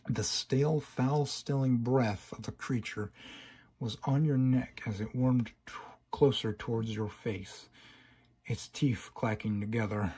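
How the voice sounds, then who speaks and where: A man reads a horror story in second person, stumbling and restarting now and then. His voice is very husky and mid-pitched. It is an amateur reading. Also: a little slow, darkish tone. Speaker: narrator. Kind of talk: horror fan-fiction reading.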